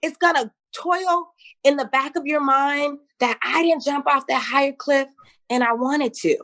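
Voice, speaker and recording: A middle-aged woman entrepreneur, a guest in a casual interview, tells stories with animation and voices the people she quotes. Her voice sits high and her pace is a little slow.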